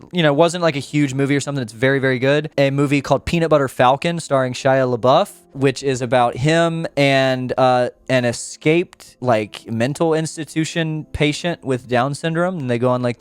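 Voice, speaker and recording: A man hosting his own show, talking in a loose, rambling way and restarting his sentences often. He sounds earnest and unpolished, and his voice sits at an ordinary middle pitch. The sound is dry and close, with no room echo. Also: smooth. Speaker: podcast host. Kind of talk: casual rambling monologue.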